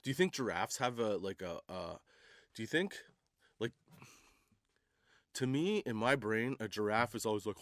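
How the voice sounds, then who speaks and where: A man's voice: on the low side, expressive, moderate pace, pauses often, no room sound, clean studio sound. A man hosting a comedy podcast, rambling through a casual monologue with laughs and restarts. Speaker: podcast host.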